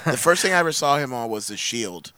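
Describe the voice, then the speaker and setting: Man, casual podcast chat, animated storytelling, bright tone, dry sound. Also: mid-range voice, quick pace, no room sound.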